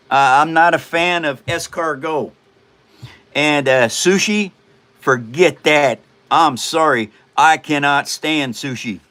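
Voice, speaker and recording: Old guy in his 70s chatting on a livestream, joking around, bright kinda high voice. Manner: joking, rambling, laughs often. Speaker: livestream host. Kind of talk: casual livestream chat.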